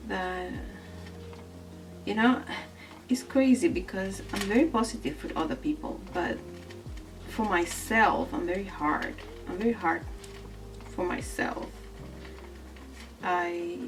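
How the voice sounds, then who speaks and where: A woman chats in a slow, unhurried ramble while she colors, laughing at herself and picking at her own voice. Her tone has a slightly gravelly edge. She sounds a bit distant, picked up by a camera set above her desk, with soft music playing behind. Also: lowish voice. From grew up in the Netherlands from age thirteen. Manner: self-deprecating, rambling, laughs often. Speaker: art vlogger. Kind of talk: casual chat while coloring. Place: indoors at a desk. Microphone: camera overhead, some distance away. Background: soft background music.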